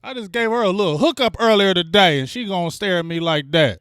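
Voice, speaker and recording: A man hosting a live-stream football fan show, very animated and loud, shouting out to his chat. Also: high voice, quick pace, clear, resonant tone, no echo, clean studio sound. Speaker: livestream sports show host.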